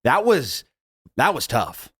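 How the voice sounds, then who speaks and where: A man's voice: mid-range voice, huge pitch swings, slow, bright, forceful tone, slightly rough, dry recording, clean studio sound. A young man co-hosting a casual podcast, chiming in and adding to the story in a laid-back way. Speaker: podcast co-host. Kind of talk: casual chat.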